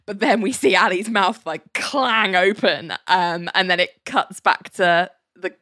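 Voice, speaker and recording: A woman's voice: mid-range voice, measured pace, hardly any pauses, bright, forceful tone, no room sound, clean studio sound. A woman co-hosting a podcast, casually recapping a TV episode, quoting the characters in put-on voices and laughing often. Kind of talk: casual chat.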